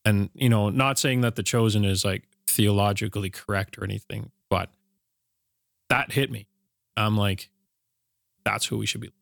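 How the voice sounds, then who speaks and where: An easygoing, soft-spoken man co-hosts a casual faith podcast with a self-deprecating, simple way of putting things. His voice is low and gravelly with a lot of fry, and it sounds dry and close to the mic. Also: steady tone, normal speed, no echo. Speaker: podcast co-host.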